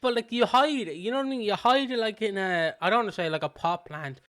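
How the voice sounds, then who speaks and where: Man, british, podcast co-host, fairly high voice, smooth clear tone, sweary animated chat. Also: fast. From Britain. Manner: animated, sweary retelling with mimicked voices and laughs. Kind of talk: casual chat.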